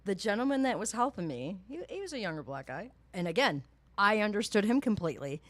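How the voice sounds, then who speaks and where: A woman radio host in a studio, ranting through a story with heavy swearing. Her voice rises and falls in lively swings at a middle pitch, and the sound is dry and close. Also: fairly quick, no echo. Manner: profane, animated ranting storyteller. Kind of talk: casual studio chat.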